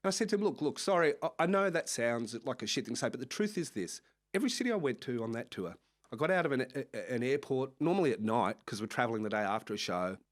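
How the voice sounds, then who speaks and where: A man with an Australian accent, a music manager telling lively anecdotes in a casual interview. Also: mid-range voice, fast talker. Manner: animated anecdotes with frequent laughs and acted-out quotes. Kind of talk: casual storytelling chat.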